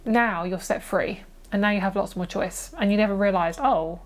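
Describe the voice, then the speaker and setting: A woman's voice: medium pitch, moderate pace. A woman giving a casual, chatty pick-a-card tarot reading, gushing and swearing casually as she goes. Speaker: tarot reader.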